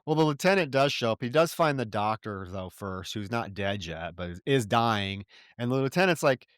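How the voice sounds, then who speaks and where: Male podcast co-host, smooth voice, dry close mic, profane and exasperated recapping. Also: lowish voice, expressive, moderate pace, fairly bright tone, no room sound. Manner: profane, exasperated, mocks characters' lines. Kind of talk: casual film review chat.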